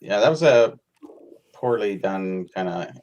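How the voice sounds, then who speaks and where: A man's voice: lowish voice, animated, a little slow, a little mellow, dull audio. A man co-hosting a casual hobby livestream, tossing in wisecracks and rambling asides. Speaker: co-host. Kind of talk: casual chat.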